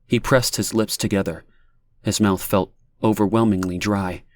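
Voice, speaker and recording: Low-voiced man narrating an audiobook. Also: fairly even intonation, moderate pace, a little mellow, no echo, studio quality.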